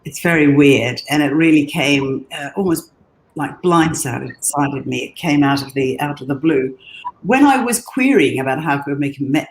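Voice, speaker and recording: A woman's voice: deep voice, darkish tone. A woman talking as an interview guest, telling her story earnestly and enthusiastically, often repeating words as she thinks. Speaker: guest, brand designer.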